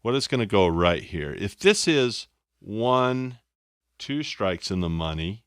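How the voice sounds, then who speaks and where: A man with a lowish voice teaches at a board, joking about himself and circling back to repeat his phrases. The sound is dry and close, with no room around it. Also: big pitch swings, slow, dry recording. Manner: playful, self-mocking, repeats phrases. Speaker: instructor. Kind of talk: explaining on a whiteboard.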